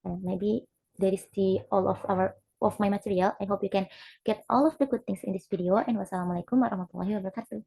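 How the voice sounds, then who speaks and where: A young woman, a student giving a class presentation, who talks haltingly and repeats example words aloud. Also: medium pitch, fairly even intonation, creaky, mellow, slightly rough, low-quality recording. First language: Indonesian.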